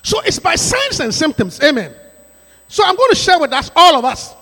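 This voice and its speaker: A pastor preaching a sermon to his congregation, emphatic and repetitive, with sudden rising shouts. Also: extremely high pitch, very animated, moderate pace. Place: church sanctuary. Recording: reverberant church hall.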